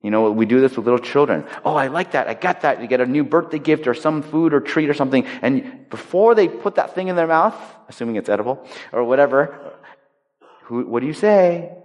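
A male pastor giving a conversational, emphatic sermon, swinging between loud stressed lines and hushed quiet points. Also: mid-range voice, animated, fairly quick. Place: large hall. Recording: long reverb of a large hall.

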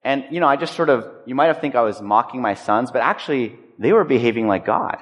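A man's voice: medium pitch, expressive, fast talker, fairly bright tone, lo-fi sound. A man preaching a sermon as a pastor, talking conversationally and acting out everyday stories. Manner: conversational, acts out anecdotes. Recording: echoey hall.

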